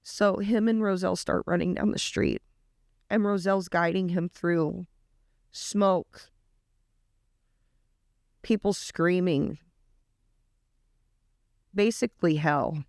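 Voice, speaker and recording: A woman's voice: lowish voice, fairly even intonation, slow pace, creaky, long pauses, a little mellow, dry recording, studio quality. A woman reaction vlogger earnestly retelling a story in a casual, emotional way.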